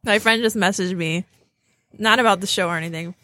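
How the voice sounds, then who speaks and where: A woman's voice: medium pitch, brisk, pushed and bright, no room sound. A woman co-hosting a casual podcast chat, telling stories with lots of laughter and acted-out quotes. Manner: laughing storyteller, acts out quotes. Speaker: podcast co-host.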